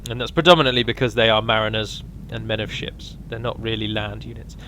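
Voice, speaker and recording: A man's voice: on the low side, level tone, fast, bright, forceful tone, slight background noise. A man giving a casual, rambling walkthrough of a strategy game mod, with frequent ums and restarts.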